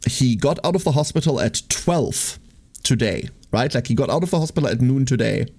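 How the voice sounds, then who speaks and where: A man's voice: medium pitch, expressive, a little fast, a little mellow, husky. Rambling young man streamer, swearing casually. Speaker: livestreamer. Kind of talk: casual venting chat with viewers.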